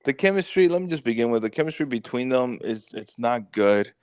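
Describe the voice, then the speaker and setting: A man on a movie review podcast, retelling the plot in an animated, profane way with quick mock quotes. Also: mid-range voice, clean tone, dry recording, clean studio sound. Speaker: podcast co-host. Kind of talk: casual movie review chat.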